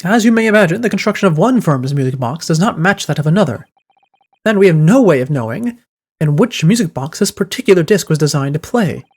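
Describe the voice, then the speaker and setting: A man reading aloud the lines of an eccentric, self-assured gentleman detective in a grandiose, wordy manner, with faint game music behind. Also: a little high, expressive, fairly quick, husky. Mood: lofty.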